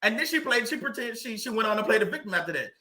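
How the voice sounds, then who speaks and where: Bright, high-voiced man telling a story. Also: very fast. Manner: animated, laughing, repetitive emphasis. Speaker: livestream host reading viewer comments. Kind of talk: casual storytelling livestream.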